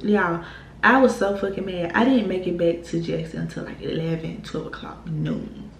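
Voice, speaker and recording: A young woman with a fairly low voice tells a storytime on her YouTube channel at a moderate pace, heated and animated, swearing and laughing as she goes. It's a casual vlog recorded in an echoey room with faint background noise.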